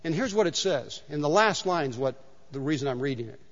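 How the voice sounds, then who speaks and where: A man's voice: a little high, animated, brisk. A man preaching a sermon in a church sanctuary, telling stories in a conversational way and repeating key points for emphasis. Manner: conversational storytelling with emphatic repetition. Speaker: pastor. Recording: dull sound with long hall reverb.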